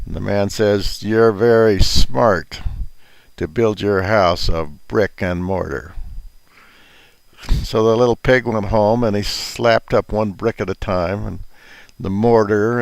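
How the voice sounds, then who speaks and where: Older man, low gravelly voice, rambling folksy storyteller, dry close recording. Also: darkish tone, no echo. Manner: rambling, chuckling, folksy asides. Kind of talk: casual storytelling and advice talk.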